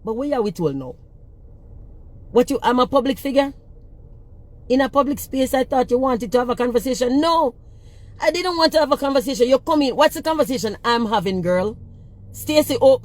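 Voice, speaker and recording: Speaking at a normal speed with a high-pitched, lively lilt, this woman with a Jamaican accent tears into her commenters on a phone livestream. The social media personality is blunt and doesn't hold back on profanity as she rants.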